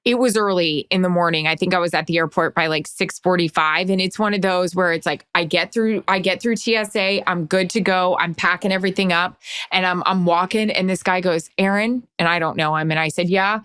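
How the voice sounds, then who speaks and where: A woman co-hosting a podcast, telling a lively anecdote in casual chat and acting out the quotes. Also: on the low side, brisk, clear, resonant tone, no echo, studio quality. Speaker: podcast co-host. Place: sunny podcast studio.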